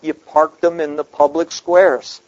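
A man's voice: a little high, level tone, unhurried, darkish tone, lo-fi sound. A man preaching a sermon, emphatic, asking rhetorical questions and repeating his key points.

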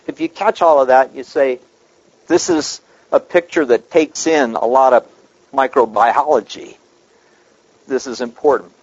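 Guy preaching, kinda high voice, leans hard on the big points, sounds muffled. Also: darkish tone. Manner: emphatic, rhetorical questions, repeats key words. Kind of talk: sermon.

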